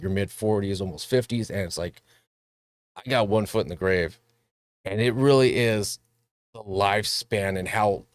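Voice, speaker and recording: A man's voice: lowish voice, dry recording. Chatty male movie reviewer, dry sound. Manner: self-deprecating, loose and chatty with many fillers. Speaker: host.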